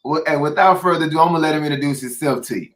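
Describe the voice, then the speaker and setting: A man hosting a casual interview show, energetic and chatty, laughing easily with his guest. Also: on the high side, racing, slight background noise. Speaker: show host.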